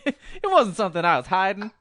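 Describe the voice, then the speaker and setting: A man voicing an indignant older male judge pleading in court, in a high folksy impression voice. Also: very animated, brisk, fairly bright tone, dry recording, clean studio sound. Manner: high folksy twang, impression of a public figure.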